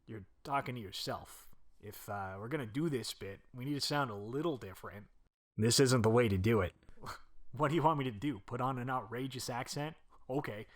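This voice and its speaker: A man's voice: mid-range voice, a little fast. A man with a Midwestern accent, hosting a podcast with playful, bantering scripted comedy he does with himself from his bedroom. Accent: American Midwest. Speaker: podcast host. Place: home bedroom.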